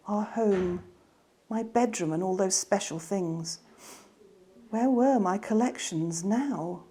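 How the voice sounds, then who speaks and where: A woman reading her children's novel aloud in a gentle, expressive way. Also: medium pitch. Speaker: author reading her book.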